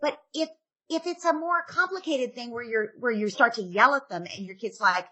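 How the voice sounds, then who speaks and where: A middle-aged woman speaks as a parenting expert in a podcast interview. Her voice is bright, fairly high and a little husky. She is animated and slips into quick acted lines of parents and kids. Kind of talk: podcast interview, casual advice.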